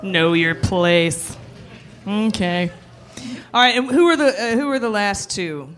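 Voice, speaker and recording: A woman's voice: on the high side, expressive, moderate pace. A woman hosting a live comedy quiz game, playful and laughing as she talks to the room. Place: live venue with an audience. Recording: noisy room with crowd chatter.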